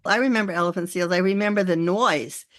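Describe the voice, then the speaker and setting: A woman's voice: lowish voice, fast talker. A woman hosting a travel podcast who chats with her guest, reacts, and moves things along with short prompts. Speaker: podcast host. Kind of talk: conversational interview.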